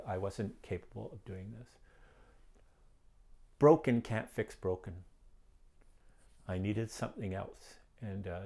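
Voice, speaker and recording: Low gravelly man telling his story. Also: a little mellow. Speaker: guest telling his testimony. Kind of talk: candid storytelling.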